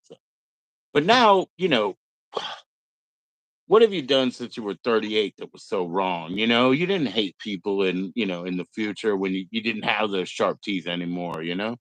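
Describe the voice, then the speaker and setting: A man's voice: lowish voice, animated, a little slow, fairly bright tone, no echo, rough recording. A middle-aged man hosting a casual livestream, rambling and swearing, mocking other people in put-on voices. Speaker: livestream host.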